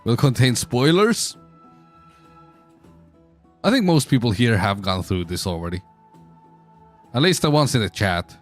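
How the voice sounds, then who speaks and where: Streamer brief: a joking, irreverent man, lively pitch swings, faint music under the voice. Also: measured pace, pauses often. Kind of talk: casual game commentary.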